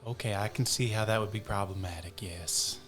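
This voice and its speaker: A man's voice: fairly low pitch, brisk, fairly bright tone, soft background music. A man playing a tabletop game, asking questions and joking in character. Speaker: player. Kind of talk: casual tabletop play.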